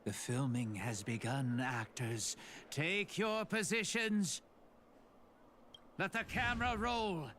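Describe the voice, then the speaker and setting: A man's voice: a little high, takes it slowly, long pauses, fairly bright tone, slight background noise. An actor playing a theatrical male film-director spirit announcing the start of filming in a game. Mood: grandiose. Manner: grandiose, announcing. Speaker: game character.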